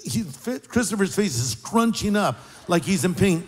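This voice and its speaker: An older man preaching a sermon as pastor, an animated storyteller with wry, sarcastic asides. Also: sits high, a little slow, slightly rough, in a large hall.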